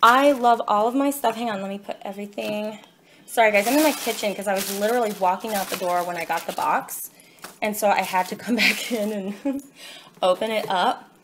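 A woman's voice: medium pitch, brisk, noisy background. Gushing woman vlogging on her phone. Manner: gushing, excited, apologetic asides. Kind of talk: casual unboxing vlog. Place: home kitchen. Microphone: phone held in one hand.

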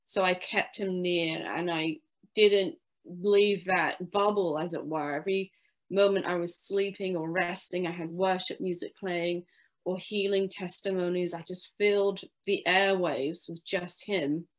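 A woman's voice: fairly low pitch, fairly even intonation, measured pace. A woman with a British accent, an interview guest, earnestly telling a personal faith story and quoting what she once said. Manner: earnest storytelling, quoting her own past words.

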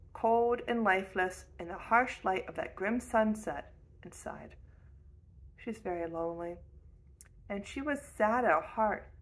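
Woman narrator for a classic novel audiobook, steady and expressive, middle pitch. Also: low-quality recording. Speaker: audiobook reader. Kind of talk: reading a classic novel aloud.

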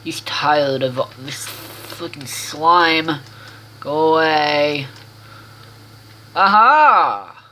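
Bright-voiced man narrating his gameplay. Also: on the high side, a little hiss or hum, poor audio. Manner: rambling self-talk with frequent restarts and swearing. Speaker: gaming video host. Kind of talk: casual let's-play commentary.

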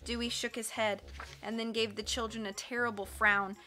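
Bright-voiced woman reading a story. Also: on the high side, faint music behind. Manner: expressive, measured storytelling. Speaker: audiobook reader. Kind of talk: scripted narration.

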